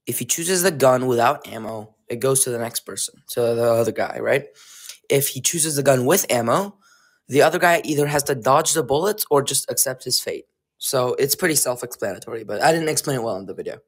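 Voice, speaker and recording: A young man hosting a game server, commentating in a casual, excitable and joking way at a desk mic. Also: medium pitch, fairly quick. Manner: excitable, joking and laughing, trolling players. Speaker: game server host and YouTuber.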